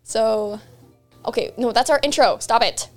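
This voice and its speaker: A woman's voice: a little high, a little slow, faint music behind. Chatty woman, rambling casual talk. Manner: chatty, rambling with restarts and laughs. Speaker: co-host. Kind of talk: casual chat.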